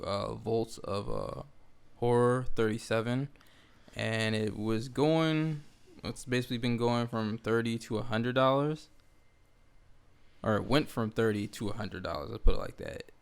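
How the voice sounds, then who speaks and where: Young male co-host, gravelly and smooth, easygoing. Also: on the low side. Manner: laid-back, laughs easily. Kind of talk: casual chat.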